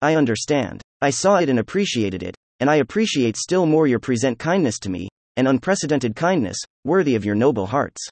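A man voicing an excitable, proud young nobleman under questioning, talking effusively and emphatically. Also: mid-range voice, fairly quick, few pauses, no room sound. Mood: defiant.

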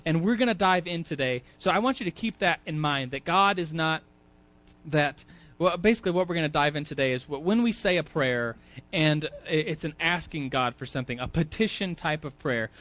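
A man's voice: fairly high pitch, fairly bright tone. A man teaching a Sunday school class in a church, talking casually, often repeating words and asking the audience questions. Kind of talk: casual sermon.

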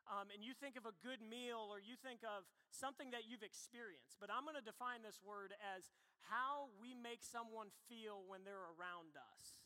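A man in his thirties preaching a sermon, telling personal stories with lively acted-out moments. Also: sits high, moderate pace, few pauses. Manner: animated storytelling, acts out past selves. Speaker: pastor. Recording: reverberant hall.

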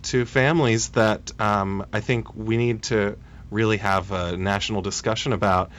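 A man in his thirties, a policy analyst guest on a radio interview, speaking in a hesitant, halting way with many restarts. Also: fairly low pitch, steady tone, fairly bright tone.

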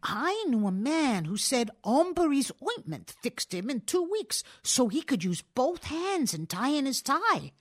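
Lady doing a cranky achy old-fashioned guy, whiny and fussy, pitch all over. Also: big pitch swings, unhurried, few pauses, exaggerated voice. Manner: complaining, fussy. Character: grumbling man with rheumatism, touchy.

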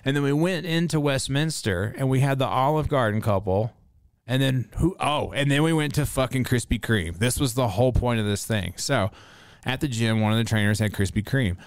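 A man in his thirties from North Carolina, chatting casually with his audience and ranting in profane, animated bursts. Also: mid-range voice, moderate pace, clean tone, no room sound. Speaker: streamer answering chat. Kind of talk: casual rambling chat.

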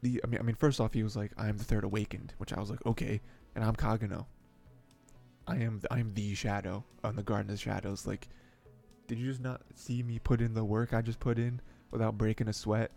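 Gravelly mellow-voiced man recapping anime. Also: fairly low pitch, level tone, a little fast, soft background music. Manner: rambling and chatty, chuckles often, many fillers. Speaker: anime podcast host. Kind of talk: casual episode recap and commentary.

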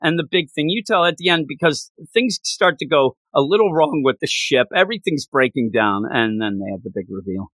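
A man chatting casually as a podcast host, reviewing a comic book with excited, gushing enthusiasm and lots of stumbling restarts. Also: fairly high pitch, brisk, hardly any pauses, no echo.

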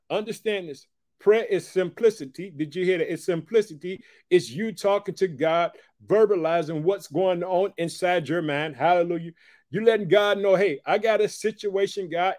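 Male preacher, high voice, slow emphatic scripture reading broken by quiet asides and catchphrases. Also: no room sound, studio quality. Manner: punctuates reading with repeated catchphrases and call-outs; prays aloud for listeners. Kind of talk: sermon teaching from scripture.

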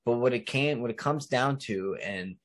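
A man's voice: medium pitch, normal speed. A man hosting a casual podcast chat, talking emphatically and rambling with many fillers. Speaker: podcast host.

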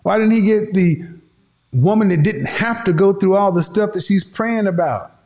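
A man's voice: high-pitched, normal speed, darkish tone. A man talking to his audience in an emphatic, preachy commentary, repeating his points for effect. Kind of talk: opinionated commentary monologue.

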